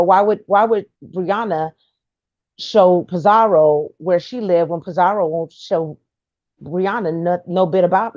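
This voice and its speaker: Low-voiced woman on a livestream talking trash, sassy and blunt, dry close sound. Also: darkish tone, no room sound, dull audio. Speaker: livestream commentator. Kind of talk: casual gossip commentary.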